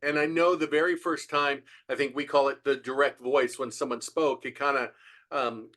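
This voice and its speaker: A man's voice: medium pitch, steady tone, moderate pace, a bit bright. A man hosting a podcast, asking rambling, hesitant questions full of fillers. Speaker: podcast host, hypnotist. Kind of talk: casual interview questions.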